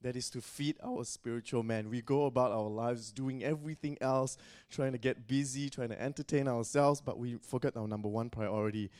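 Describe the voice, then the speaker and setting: A man's voice: medium pitch, fairly even intonation, moderate pace, few pauses, a little mellow. Conversational man preaching a sermon. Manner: conversational, frequent "you know".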